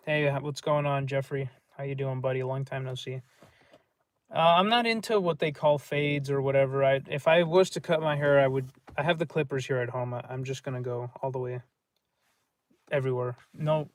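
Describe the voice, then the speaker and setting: A man's voice: medium pitch, dry recording. A man hosting a livestream, rambling in a gloomy, profane way while reading and answering chat. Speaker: livestream host.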